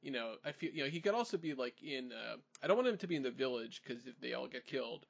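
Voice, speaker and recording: A man's voice: mid-range voice, expressive, quick pace, gravelly. A man hosting a casual podcast chat, rambling and hedging a lot as he leads the questions. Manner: rambling, hedging with "like" and "you know". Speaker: podcast host.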